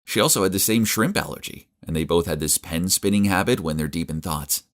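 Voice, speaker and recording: Young man, deep low voice, earnest scripted first-person narrator for an animated story. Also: a little fast.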